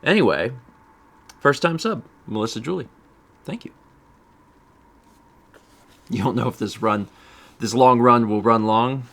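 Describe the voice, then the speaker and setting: Slow, lively-voiced male streamer. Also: mid-range voice. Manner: rambling, self-amused, chatty asides. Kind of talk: casual game stream chat.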